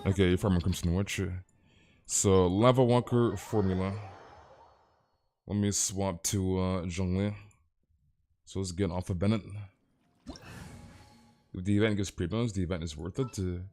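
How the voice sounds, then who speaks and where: A man's voice: deep voice, a little mellow, slight background noise. A young man streaming a game and chatting casually with viewers, rambling and tossing in "dude" and amused exclamations. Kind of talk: casual live-stream chat.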